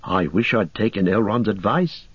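A man's voice: lowish voice, normal speed, slightly rough, no room sound. Pippin, a man doing a timid young hobbit. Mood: fretful. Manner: plaintive, anxious. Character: small young male hobbit, fretful and timid. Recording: dull dry audiobook recording.

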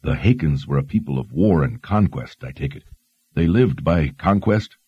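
A man's voice: extremely low pitch, expressive, moderate pace, husky, no room sound, lo-fi sound, heavily acted. A man voicing a curious young male traveller who asks questions and gives practical instructions.

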